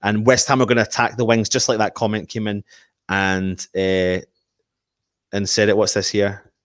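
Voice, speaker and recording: A man runs a casual live stream for fellow fans. His voice sits low and he talks animatedly, reading comments and tossing out predictions. The sound is dry and close. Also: normal speed, no echo. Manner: animated, reads out viewer comments. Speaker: host of a fan channel live stream.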